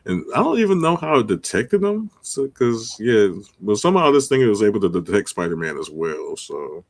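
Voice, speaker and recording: A man co-hosting a casual podcast who explains things calmly and fills in details his co-host skipped. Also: lowish voice, normal speed, no echo.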